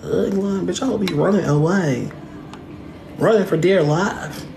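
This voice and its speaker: A woman's voice: on the low side, measured pace, gravelly. A woman with a Southern US accent trolling strangers on a video call, sassy, mock-pious and profane. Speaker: prankster in random video chats. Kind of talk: in-character trolling chat. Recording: echoey room, faint noise.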